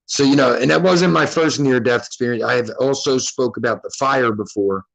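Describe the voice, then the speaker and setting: A man's voice: medium pitch, a little fast, creaky, poor audio. Rambling, profane man telling stories. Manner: loose, rambling, profane and self-interrupting. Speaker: podcast host. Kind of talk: casual storytelling to viewers.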